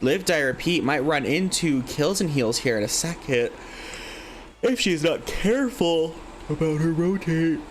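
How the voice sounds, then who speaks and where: A man casting a live online game tournament, giving chatty, excitable play-by-play and thinking aloud with questions. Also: on the high side, unhurried, faint music behind. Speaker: esports caster.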